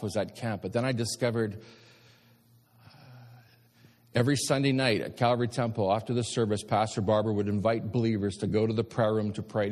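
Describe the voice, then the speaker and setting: A man's voice: mid-range voice, a little mellow. A male pastor preaching a sermon in an emphatic, rousing way, calling out to his listeners again and again. His voice sits in a middle range and carries a long hall reverb. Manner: emphatic preaching with repeated appeals to the congregation.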